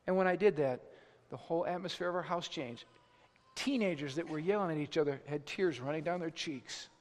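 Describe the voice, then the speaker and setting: A middle-aged male pastor preaching a sermon, moving between hushed, pleading passages and loud, urgent exhortation. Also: high voice. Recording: reverberant hall.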